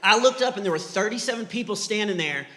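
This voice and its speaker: A middle-aged man from Texas doing clean stand-up, an animated storyteller who acts out the voices in his stories. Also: high-pitched, fast. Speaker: stand-up comedian. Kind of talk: clean stand-up comedy with faith message. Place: church hall before a live audience. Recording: live church hall reverb.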